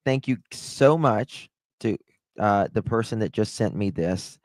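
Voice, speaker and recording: Male live streamer, low-pitched, gossipy and amused, recorded dry and close. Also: expressive, unhurried, a little mellow, dry recording, low-quality recording. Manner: laughing, gossipy, swears. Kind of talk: casual live stream commentary.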